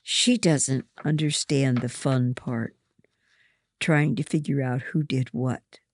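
A narrator reading a first-person story aloud in a slow, measured way. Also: medium pitch, fairly even intonation, slight background noise.

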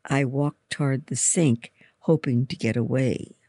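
A reader with a gravelly voice telling a story in first person, slowly and deliberately. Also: medium pitch, steady tone, dark tone, no echo.

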